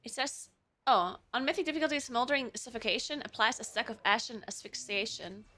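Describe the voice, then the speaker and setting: A woman's voice: on the high side, brisk, sharp tone. A woman streamer chatting casually and thinking aloud while setting up her game, laughing often. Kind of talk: casual live-stream chat while gaming.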